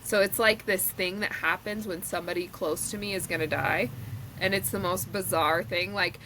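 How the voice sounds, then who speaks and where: A woman's voice: on the low side, fairly even intonation, moderate pace. A woman in her thirties co-hosting a podcast, chatting casually and rambling with lots of "like". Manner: rambling, heavy use of "like". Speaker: podcast co-host. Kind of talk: casual chat. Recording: noisy recording.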